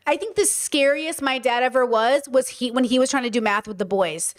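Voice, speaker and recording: A woman hosting a casual livestream, talking to her chat in a blunt, animated way and swearing freely. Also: high voice, brisk, few pauses. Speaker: streamer host.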